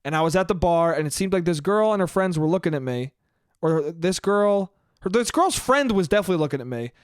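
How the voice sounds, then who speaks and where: Guy with a pretty high voice just rambling on his own podcast, swears a ton, keeps saying dude, dry close sound. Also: expressive, brisk, smooth, no echo. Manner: profane, self-deprecating, says "dude" a lot. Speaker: podcast host. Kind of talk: casual solo storytelling monologue.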